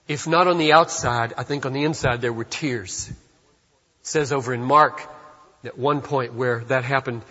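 A man preaching a sermon as pastor, moving from hushed, slow reflection to loud, emphatic passages. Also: mid-range voice, slightly rough. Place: church sanctuary. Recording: dull reverberant church hall.

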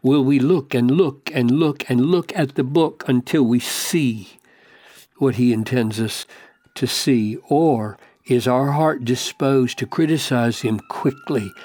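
A man preaching a sermon, slow and emphatic, posing searching questions. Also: medium pitch, darkish tone, dry recording.

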